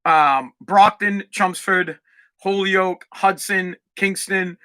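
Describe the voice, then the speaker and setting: A man from Massachusetts, hosting a solo podcast and ranting loudly with lots of swearing and restarts. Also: high-pitched, steady tone, takes it slowly. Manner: loud, swearing, repetitive restarts. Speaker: podcast host. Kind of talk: profane solo podcast rant.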